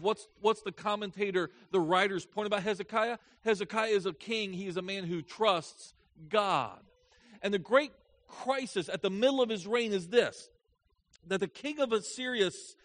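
A man with a high voice preaching an expository sermon. He walks through the text verse by verse, leans on key points and repeats them for emphasis. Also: fairly bright tone.

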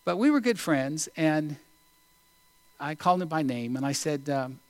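Slow, deliberate male preacher, dry sound. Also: on the high side, lively intonation, clean tone, no echo. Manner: deliberate, unhurried, with pauses. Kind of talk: sermon with storytelling.

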